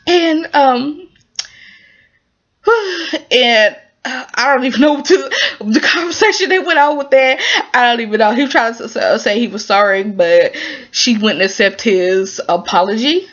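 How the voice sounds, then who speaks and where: In a muffled, lo-fi clip, a woman with a fairly high voice recaps an episode of a TV drama at a measured pace. She's chatty and informal, full of fillers, telling the story in an animated, emotional way.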